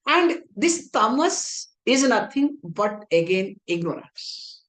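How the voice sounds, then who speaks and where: A woman's voice: fairly high pitch, very animated, takes it slowly, fairly bright tone. A woman with an Indian English accent teaching a spiritual philosophy class in a conversational tone, often asking her listeners whether they understand. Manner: conversational, rhetorical checks for understanding. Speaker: Vedanta teacher.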